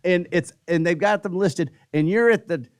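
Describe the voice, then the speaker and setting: Male co-host, casual anecdote teller, slightly high voice, dry close sound. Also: normal speed, dry recording. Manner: laid-back, tells anecdotes with quoted voices. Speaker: podcast co-host. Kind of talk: casual chat.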